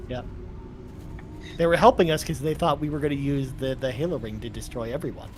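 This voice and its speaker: A man's voice: mid-range voice, brisk, slight background noise. A man co-hosting a gaming livestream, wry and knowing, steering the group through the game. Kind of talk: casual chat while gaming.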